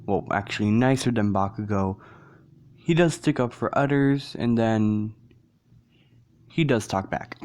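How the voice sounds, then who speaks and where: A man's voice: lowish voice, a little slow, pauses often, a little mellow, a little hiss or hum. A man casually narrating a fan story, rambling and correcting himself as he goes.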